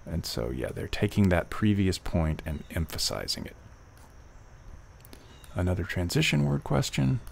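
Low, gravelly man tutoring test prep, reasoning aloud through questions on a screen-share. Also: very animated, slight background noise. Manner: thinks aloud, reads passages slowly then reasons with fillers.

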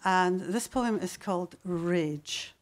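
A woman, a poet reading her poems and chatting between them on stage before a live audience, slow and deliberate with sudden fierce bursts. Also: lowish voice.

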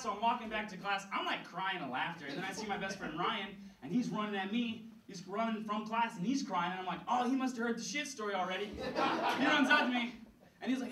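A man's voice: sits high, lively intonation, fast, reverberant, far from the mic, heavy background noise. Young man doing rambling stand-up. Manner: rambling, self-deprecating, laughs at his own jokes. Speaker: stand-up comedian. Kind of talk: stand-up storytelling. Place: comedy venue stage.

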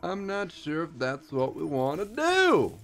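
A young man giving casual, excitable commentary while he plays a strategy game, with playful jokey asides. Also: a little high, a little slow. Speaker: streamer. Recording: faint music behind.

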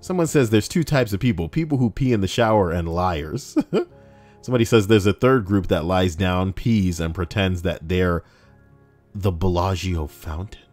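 A man's voice: sits low, moderate pace, darkish tone, soft background music. A young man casually reading out forum posts, rambling and sarcastic, with frequent swearing. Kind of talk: casual reaction commentary.

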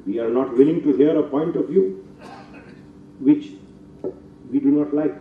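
A man's voice: mid-range voice, normal speed, pauses often, slight background noise. Older Indian man lecturing in an echoey hall. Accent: Indian English. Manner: emphatic, building to forceful rhetorical peaks. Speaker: guest lecturer. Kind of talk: formal public lecture. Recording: distant, roomy, dull hall recording.

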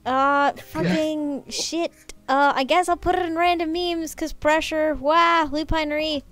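A woman's voice: high voice, flat delivery, unhurried, dry recording. A young woman hosting a party-game live stream, chatting casually, teasing and swearing often at a home desk mic.

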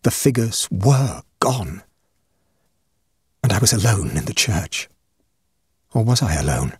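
Man, audiobook narrator, husky voice, dry close sound, measured and dramatic ghost story reading. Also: lowish voice, big pitch swings, dry recording. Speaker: audiobook reader.

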